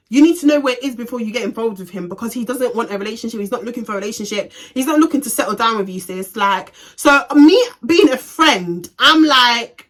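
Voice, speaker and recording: Bright-voiced young woman telling a story. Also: sits high. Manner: animated, profane, slangy retelling. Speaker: vlogger. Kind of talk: casual storytime.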